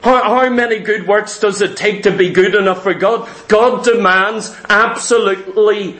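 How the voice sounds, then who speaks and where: High-pitched emphatic male preacher. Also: steady tone, normal speed, a bit bright. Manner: emphatic, repetitive preaching with rhetorical questions. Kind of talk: sermon. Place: church hall. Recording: roomy echo.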